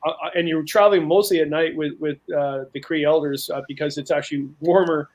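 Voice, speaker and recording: A man's voice: on the high side, steady tone, a little fast, a little mellow, low-quality recording. A man telling long, rambling outdoor stories in a casual panel chat, with frequent restarts. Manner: rambling storyteller, many restarts.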